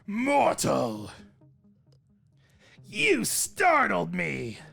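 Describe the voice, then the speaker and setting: Judgment: man doing a haughty she-demon in a game, all-caps delivery, raised pitch, gravelly edge. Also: huge pitch swings, extremely slow, bright, forceful tone, soft background music, heavily acted. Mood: startled commanding. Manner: booming declarations, all caps. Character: fierce haughty female demon, shouting.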